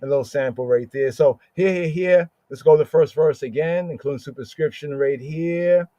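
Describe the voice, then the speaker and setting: A man hosting a podcast, teaching scripture slowly and repetitively and often asking "right?" as he explains words. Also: on the high side, dark tone, no room sound, muffled recording.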